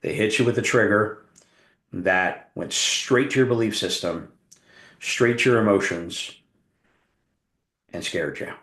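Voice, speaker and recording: Middle-aged man, workshop presenter, low voice, lively storyteller, echoey room. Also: measured pace, long pauses. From Tucson, Arizona. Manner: animated storyteller, acts out scenes. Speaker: workshop presenter, hypnotist coach. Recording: roomy echo.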